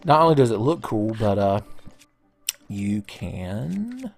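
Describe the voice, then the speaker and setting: A man's voice: on the low side, lively intonation, fast. A young man giving casual, joking gameplay commentary, rambling and swearing, with faint game music behind. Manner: joking, profane, rambling, with silly voices. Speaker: let's play commentator.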